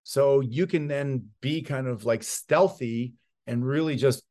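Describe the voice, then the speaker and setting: Speaking a little slowly at a medium pitch, this middle-aged real estate expert gives sales advice during a conversational interview. He tells his stories with animation, performing the voices of the people he quotes.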